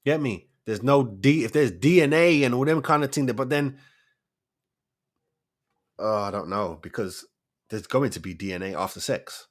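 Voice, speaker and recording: A man's voice: mid-range voice, lively intonation, moderate pace, long pauses. A man, hosting a casual solo commentary show, firing off rhetorical questions in street slang. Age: 40s. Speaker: host of a debate show.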